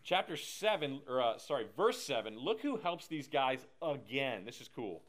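A man's voice: mid-range voice, moderate pace. A man teaching a casual Bible class with lots of energy, jokes and tangents. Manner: energetic, joking, digressive.

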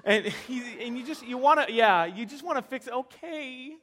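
A young male pastor with a high, bright-sounding voice preaches to a live audience. He tells animated, self-deprecating stories and restarts his sentences often. His delivery stays lively from one story to the next. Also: a little fast. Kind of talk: sermon with personal stories.

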